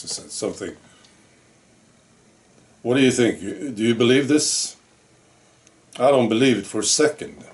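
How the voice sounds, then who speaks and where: A man giving casual video commentary, musing and drifting along with pauses and fillers. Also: mid-range voice, recorded from a distance.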